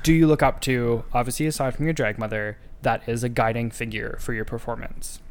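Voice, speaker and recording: A man's voice: mid-range voice, steady tone, clear, resonant tone. A man hosting a podcast, asking questions and teasing his guest in casual chat. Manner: playful interviewer, quick teasing quips. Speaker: podcast host.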